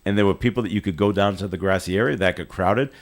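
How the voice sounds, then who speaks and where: A male radio host telling a long, animated story in a casual on-air chat, often restarting his sentences. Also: deep voice, fast talker. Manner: rambling, animated anecdote with frequent restarts. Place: radio studio.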